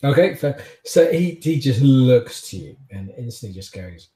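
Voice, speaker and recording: A man runs a tabletop game as its game master, narrating in loose, rambling stretches and restarting his phrases. His pitch is ordinary, and the room around him gives a clear echo. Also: sing-song, mellow. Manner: rambling, halting, full of restarts.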